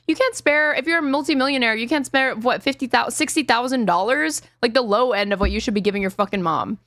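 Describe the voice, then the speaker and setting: A woman's voice: on the high side, fast, hardly any pauses, a bit bright, dry recording, studio quality. A woman streamer giving sarcastic, indignant live commentary on a podcast clip, swearing freely.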